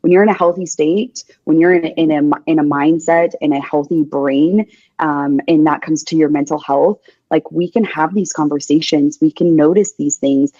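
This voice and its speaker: A woman's voice: deep voice, steady tone, normal speed, dark tone, no room sound, dull audio. A young adult woman, a paramedic guest on a podcast, talking bluntly and emphatically, swearing freely and repeating her points. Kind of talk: candid interview talk.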